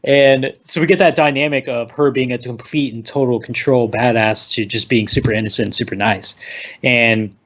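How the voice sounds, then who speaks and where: A man hosting a casual movie discussion, retelling scenes in an animated way with lots of "like". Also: mid-range voice, normal speed, muffled recording. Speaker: podcast host.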